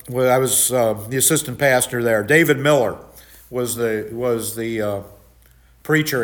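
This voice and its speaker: An older man preaching a Bible study sermon, loud and animated, telling stories with many restarts. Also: medium pitch. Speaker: pastor.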